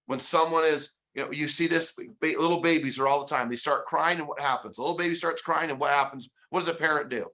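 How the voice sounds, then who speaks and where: A man's voice: fairly high pitch, fast, hardly any pauses. A man giving an emphatic motivational sales training talk, acting out quoted conversations with clients as he goes. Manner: energetic, emphatic, acts out quoted dialogues. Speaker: real estate sales trainer. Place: training session.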